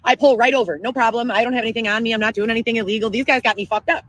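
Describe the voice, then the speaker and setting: A woman telling a long profane story in an excitable livestream rant. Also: a little high, very fast, low-quality recording. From Chicago area, Illinois. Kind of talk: ranting livestream monologue.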